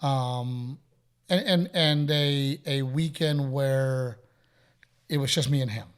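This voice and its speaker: A Texan podcast host with a mid-range voice speaks slowly, his tone clear and resonant. In casual chat he tells stories, quoting others' dialogue and laughing often.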